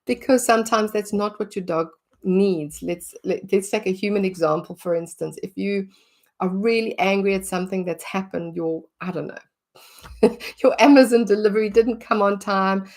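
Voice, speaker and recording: A woman's voice: medium pitch, moderate pace, a little mellow. A middle-aged woman, teaching about dog behaviour in a casual way and acting out what she would say. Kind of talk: conversational teaching talk.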